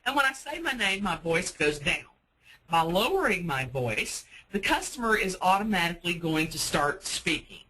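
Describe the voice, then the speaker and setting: A woman's voice: fairly low pitch, very animated, normal speed, sharp tone, breathy edge, rough recording. A woman giving a sales-training webinar for self-storage managers, speaking in a practical, coaching way with frequent fillers. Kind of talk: webinar presentation.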